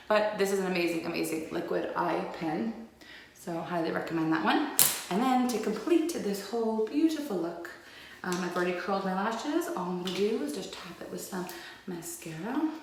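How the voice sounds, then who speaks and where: A woman's voice: on the low side, vocal fry, a little mellow, slight background noise. A woman vlogger giving a casual makeup tutorial, chatty and upbeat, a little out of breath. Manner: chatty and upbeat, addressing viewers as friends. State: slightly out of breath. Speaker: lifestyle vlogger. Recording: very echoey room.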